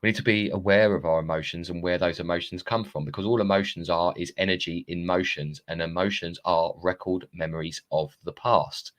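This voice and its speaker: Low-voiced rambling man on a phone live stream. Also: steady tone, a little fast, few pauses. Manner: rambling, chatty, swears, laughs at himself. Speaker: live-streaming self-help coach. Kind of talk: casual live-stream monologue.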